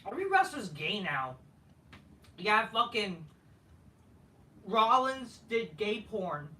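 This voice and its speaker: A man's voice: high voice, big pitch swings, takes it slowly, bright, forceful tone, a little hiss or hum. A man ranting as he reviews a wrestling show, profane and rambling with many fillers. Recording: echoey room, distant mic.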